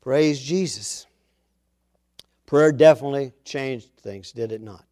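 A man preaching a sermon, reading scripture aloud and swelling louder on the quoted words. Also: medium pitch, slow.

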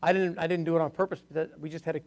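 A man's voice: fairly high pitch, level tone, rapid-fire, gravelly, darkish tone. An older man preaching to his church, telling personal stories in a chatty way, laughing often and acting out the voices of people he quotes. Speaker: pastor. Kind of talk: storytelling sermon testimony.

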